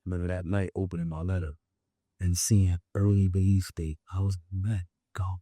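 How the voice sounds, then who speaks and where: Young New York man, interview guest, mellow voice, dry close sound, lively storyteller. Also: sits low, moderate pace, husky, no room sound. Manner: animated, acts out quoted voices. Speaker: podcast guest. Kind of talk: casual storytelling.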